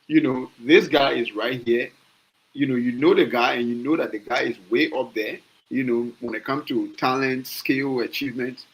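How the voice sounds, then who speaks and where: A man's voice: mid-range voice, fairly even intonation, normal speed, rough recording. A Liberian man with a Liberian accent talking casually on a podcast, passionate, often restarting phrases and asking rhetorical questions. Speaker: podcast host. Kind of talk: casual opinion talk.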